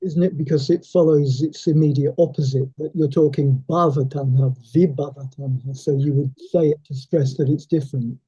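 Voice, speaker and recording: Husky, dark-voiced male student. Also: a little high, fairly even intonation, moderate pace, hardly any pauses, lo-fi sound. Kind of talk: asking questions in class.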